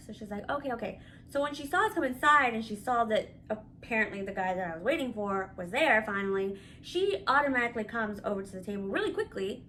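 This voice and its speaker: A woman with a bright, forceful voice pitched a little high tells a story to the camera. She talks casually and candidly, with animated delivery and plenty of swearing. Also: fast, few pauses, a little hiss or hum. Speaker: vlogger.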